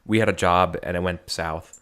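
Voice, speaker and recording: A man's voice: low voice, fairly even intonation, normal speed, a bit bright, clean tone. A man playing in a tabletop game, easygoing and a bit hesitant. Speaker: player. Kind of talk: casual role-play chat.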